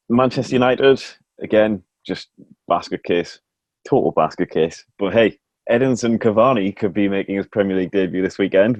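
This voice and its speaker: A man's voice: low voice, a little mellow, no echo. A man hosting a casual sports podcast, chatty and self-mocking, laughing often. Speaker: podcast host.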